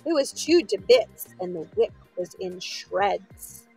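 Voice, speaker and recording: A woman reading a children's story aloud in an expressive way, with asides to her listeners. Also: mid-range voice, takes it slowly, gravelly, slightly rough, faint music behind, low-quality recording.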